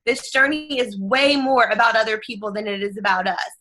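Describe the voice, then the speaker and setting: A woman in her thirties gives an energetic, earnest motivational talk. Her voice is bright and forceful and sits a little high. She speaks straight to the audience, with a strong note of faith. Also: fairly quick. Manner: energetic, earnest, faith-filled, addresses listeners directly. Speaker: network marketing team leader.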